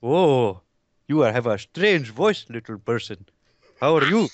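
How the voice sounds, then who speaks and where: On a muffled recording, a man with a medium-pitched, very animated voice speaks a little slowly. In improvised comedy role-play, he plays a naive, overly polite talk show host, using a put-on Indian accent and stiff, formal phrasing.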